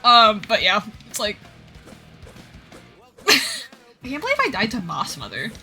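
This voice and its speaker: With soft background music playing, this twenty-something streamer tells stories in a casual gaming chat, voicing the people she quotes and sounding breathless. Her voice sits a little high, pushed and bright, with huge pitch swings and a slightly slow pace.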